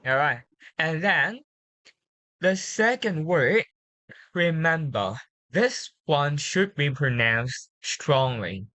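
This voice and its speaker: Bright-voiced woman coaching pronunciation. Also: sits low, expressive, no echo. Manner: patient, drills words slowly and repeats them. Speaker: English pronunciation tutor.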